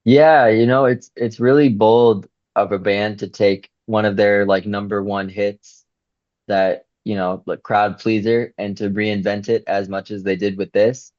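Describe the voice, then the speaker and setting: A man co-hosting a music podcast chats casually in a lowish, fairly even voice, a little slow and a little mellow. He's thoughtful and reflective, saying "you know" often. The lo-fi mic sounds dull and dry, with no room sound.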